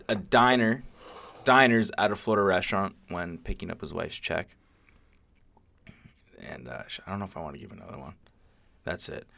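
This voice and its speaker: A man's voice: low voice, gravelly, fairly bright tone. A man co-hosting a podcast, chatting casually, swearing freely and telling stories through quoted lines. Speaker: podcast co-host.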